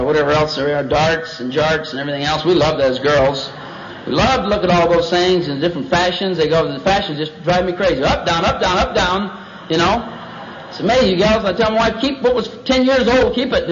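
Folksy preacher guy, kinda high voice, old dull tape from the late 70s. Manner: folksy, animated storytelling. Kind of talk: sermon. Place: large meeting hall.

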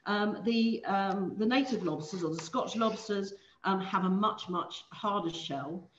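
A woman's voice: medium pitch, measured pace, echoey room, lo-fi sound, slight background noise. Chatty woman demonstrating seafood prep. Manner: chatty, explanatory, with many ums and self-corrections. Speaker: seafood masterclass presenter. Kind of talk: live online cooking demonstration. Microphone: video call.

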